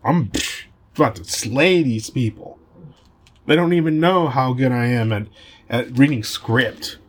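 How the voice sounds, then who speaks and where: A man's voice: mid-range voice, a little slow. A man hosting a podcast, talking casually in a brash, boastful and profane way. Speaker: podcast host.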